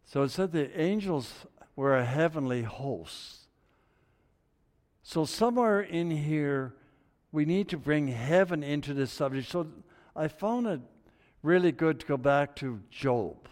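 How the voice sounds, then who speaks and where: A male pastor delivering a sermon, emphatic, rising to loud exclamations and dropping to hushed near-whispers, in a church sanctuary. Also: on the high side, lively intonation, measured pace. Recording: long hall reverb.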